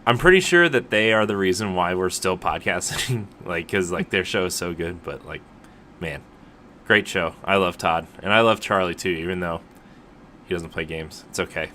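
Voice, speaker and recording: Guy co-hosting a podcast, kinda rambly, lots of "like", bright forceful voice, lowish pitch. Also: moderate pace, a little hiss or hum. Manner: rambling, filler-heavy, joking. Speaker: podcast co-host. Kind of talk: casual podcast chat.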